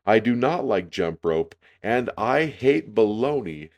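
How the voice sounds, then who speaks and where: A man's voice: fairly low pitch, sing-song, takes it slowly, darkish tone, pitched above the performer's own voice, heavily acted. A man voicing an eager, sensitive young furry monster boy in a read-aloud storybook, speaking earnestly and plainly.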